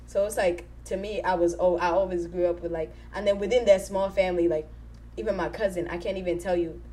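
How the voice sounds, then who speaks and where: Low-voiced woman, candid rambling chat. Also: steady tone, fairly quick, dark tone, poor audio. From Kenya. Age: 20s. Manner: candid, rambling with many fillers. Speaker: podcast co-host, interviewee. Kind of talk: casual chat.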